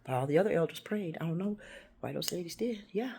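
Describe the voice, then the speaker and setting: Woman vlogger, lively pitch swings, rambling monologue, loud bursts then whispers. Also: fast, breathy edge. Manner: swings between loud outbursts and hushed whispers; confrontational, addresses unseen listeners.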